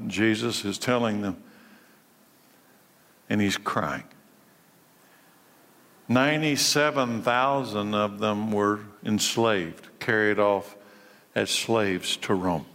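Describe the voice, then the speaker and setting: A man preaching a sermon, his voice surging high and loud at its peaks, then sinking low and quiet. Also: slow, pauses often, big-room sound. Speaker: pastor.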